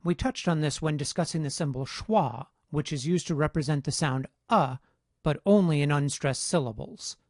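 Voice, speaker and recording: A man delivers a phonetics lesson in a measured, exact way, his voice sitting a little high. The sound is close and dry, with no room around it. He spells out each point with steady care. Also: no room sound. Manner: measured, precise, explanatory. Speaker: phonetics instructor. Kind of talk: scripted lecture narration.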